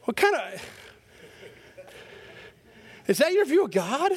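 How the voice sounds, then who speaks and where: A man with a high, light voice preaches a sermon, keeping it conversational and personal. He tells stories with lively animation as he goes. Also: takes it slowly, long pauses. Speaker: pastor.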